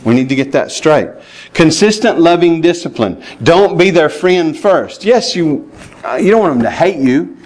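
A man's voice: fairly high pitch, expressive, moderate pace, a little mellow. A man preaching a sermon, plainspoken and emphatic, with chuckles and asides to the congregation. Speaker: pastor.

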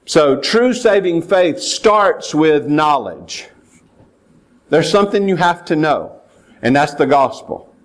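Man preaching, earnest and a touch higher in pitch, repeats his words. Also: big pitch swings, takes it slowly. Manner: earnest, repeats words while reading scripture aloud. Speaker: pastor. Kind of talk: sermon.

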